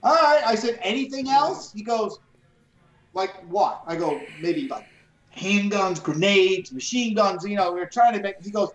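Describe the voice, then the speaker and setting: A middle-aged man with a fairly high voice tells profane stories in a casual podcast chat. He is animated and acts out the lines of the people in his stories, and his voice rings in a roomy, echoey space. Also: normal speed, lo-fi sound. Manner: animated, profane storyteller who acts out dialogue. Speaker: guest, retired police officer and business owner. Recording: roomy echo.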